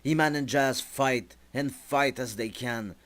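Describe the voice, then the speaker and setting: A young man, a student, narrating his storyboard story deliberately with small slips. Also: medium pitch, a bit bright. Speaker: student presenter.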